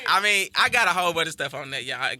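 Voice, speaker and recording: A man, a rapper guest on a radio show, talking quietly and rapping in a relaxed, rhythmic way into a studio mic. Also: fairly high pitch, fast, slight background noise. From Texas, USA. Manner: laid-back, quiet rhythmic delivery. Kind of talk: radio interview chat and freestyle rap.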